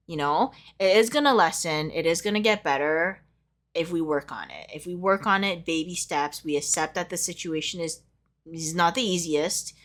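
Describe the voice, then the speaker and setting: A woman's voice: lowish voice, a bit bright. Young woman, tarot reader, casual reading, heartfelt, emotional, lots of fillers.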